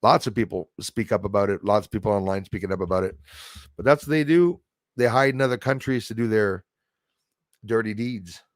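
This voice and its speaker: A man's voice: lowish voice, a little fast, no room sound, studio quality. A man from Canada hosting a casual livestream, talking in an emphatic, rambling way with many fillers and restarts. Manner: reads out and thanks viewers in chat. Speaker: livestream host.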